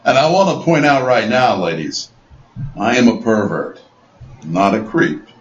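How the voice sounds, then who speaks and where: A man's voice: lowish voice, lively intonation, unhurried. A man co-hosting a comedy podcast, telling stories in a wry, laid-back way. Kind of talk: casual comedic storytelling. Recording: echoey lo-fi room with faint hiss.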